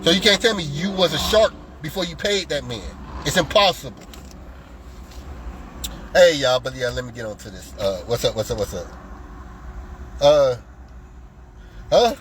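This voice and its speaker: A man's voice: fairly high pitch, animated, moderate pace, long pauses, fairly bright tone, slight background noise, poor audio. A man selling lottery strategies, ranting in a heated, profane way and mockingly mimicking his customers. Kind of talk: heated live-stream rant.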